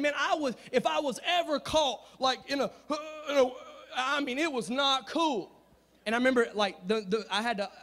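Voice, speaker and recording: A man preaching a storytelling sermon in slangy, casual talk, swinging from hushed asides to shouting. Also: extremely high pitch. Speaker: youth preacher.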